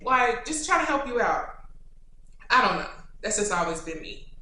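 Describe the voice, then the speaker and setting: A young adult woman vlogger answering questions in a casual, chatty, animated way. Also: medium pitch, moderate pace. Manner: chatty and animated, turning tender and choked up. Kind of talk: casual Q&A chat to camera. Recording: echoey room.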